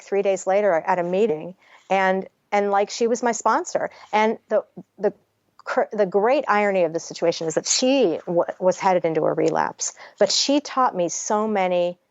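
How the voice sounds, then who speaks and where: She's a guest author on a podcast interview, sharing her own story candidly and conversationally, with frequent swearing. Her voice is mid-range, and the dry, somewhat dull recording carries no room sound.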